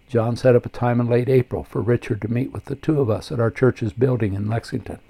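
A man's voice: medium pitch, dark tone. An older man, a pastor, reading his own memoir aloud in an earnest, reflective way.

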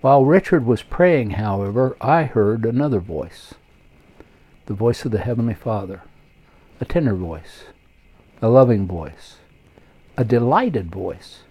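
A man's voice: mid-range voice, expressive, measured pace, long pauses, mellow, husky. An older man, a pastor, reading his own memoir aloud in an earnest, reflective way.

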